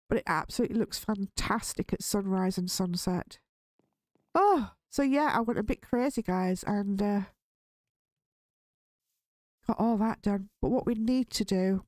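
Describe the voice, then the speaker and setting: A woman hosting a relaxed game let's play, chatting through her build and getting nervous and giggly in dark caves. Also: medium pitch, dry recording, studio quality. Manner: chatty, easily spooked, nervous laughs. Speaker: gaming channel host.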